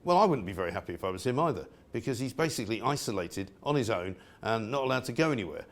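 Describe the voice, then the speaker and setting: A man's voice: lowish voice, lively intonation, fast talker. A middle-aged male presenter from England giving an outspoken, sarcastic opinion monologue.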